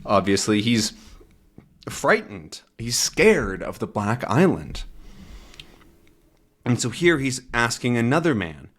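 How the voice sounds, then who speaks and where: Slow, patient male English teacher. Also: mid-range voice, big pitch swings, fairly bright tone. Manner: patient, repeats words and checks with "right?". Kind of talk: explaining a comic to English learners.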